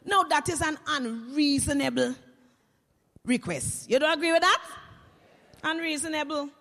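A woman tells a comic story in lively creole. Her voice sits fairly high and carries a long hall echo. She shifts from quiet asides to loud punchlines. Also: measured pace. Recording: echoey hall reverb.

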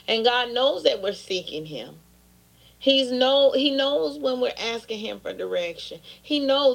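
A woman's voice: a little high, animated, measured pace, creaky. A woman pastor preaching an impassioned sermon, often turning into pleading prayer.

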